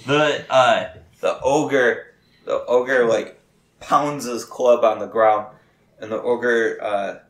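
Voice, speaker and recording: A man running a tabletop game as game master, narrating haltingly with many fillers and restarts. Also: mid-range voice, steady tone, fairly bright tone. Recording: echoey room.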